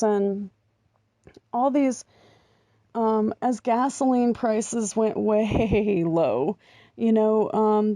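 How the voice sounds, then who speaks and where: In a studio-quality recording with no echo, a middle-aged American woman vlogs in a loose, chatty way, often saying um and laughing softly. Her voice is on the high side and dark in tone.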